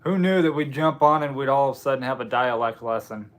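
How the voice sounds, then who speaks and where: A man's voice: medium pitch, fast talker. A man hosting a casual livestream, chatting with viewers in a rambling, self-deprecating way. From United States. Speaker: livestream host. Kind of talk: casual live chat with viewers.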